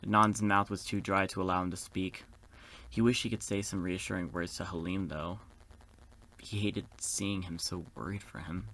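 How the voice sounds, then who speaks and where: Man hosting a game playthrough: very low voice, reads the story aloud with sassy, campy asides. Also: fairly even intonation, normal speed, a bit bright. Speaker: gaming video host. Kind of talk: reading a visual novel aloud with commentary.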